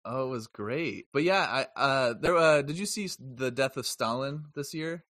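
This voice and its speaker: A man's voice: medium pitch, expressive, normal speed, fairly bright tone, dry recording, clean studio sound. A man co-hosting a casual film review podcast, rambling and correcting himself as he jokes about a movie. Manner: rambling, self-correcting, jokey. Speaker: podcast co-host.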